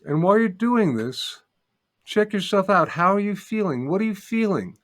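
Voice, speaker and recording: An older man teaching as a guest in an interview, calmly explaining and demonstrating a humming practice step by step. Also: high-pitched, normal speed. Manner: calm, patient, repeats steps and demonstrates by humming. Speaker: sound healing teacher, guest. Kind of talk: guided instruction in an interview.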